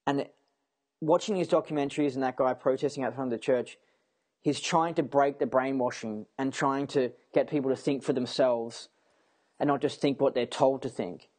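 Young guy, mid-pitch voice, loose camera rant: rambling, emphatic, swears a lot, keeps restarting sentences. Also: fairly even intonation, normal speed, darkish tone, husky. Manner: repeats himself and restarts sentences.

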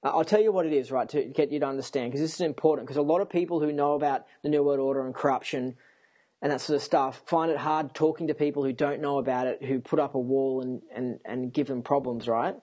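A man talking to camera in a rambling personal monologue, excitable and often repeating himself. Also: mid-range voice, fast talker, breathy edge. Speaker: vlogger.

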